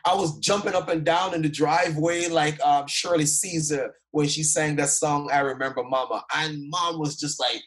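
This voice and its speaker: A man's voice: on the high side, steady tone, moderate pace, few pauses, fairly bright tone, poor audio. A man from Jamaica, a guest speaker, tells his life story in a conversation with energy and emphasis, often checking in with the listener.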